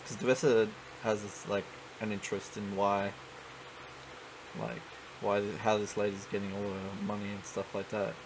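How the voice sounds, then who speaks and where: A man's voice: lowish voice, little pitch movement, normal speed, a little hiss or hum, poor audio. A man acting as game master for a tabletop game, explaining the rules in a loose, hesitant way. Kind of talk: running a tabletop game online.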